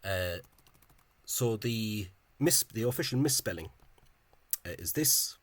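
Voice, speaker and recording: A man giving an informal spoken lecture over on-screen examples. He talks in a halting, hesitant way and is openly scornful of the official spelling. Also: on the low side, animated, dry recording. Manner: hesitant and halting, with frequent pauses and restarts. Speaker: language enthusiast presenting a video lecture.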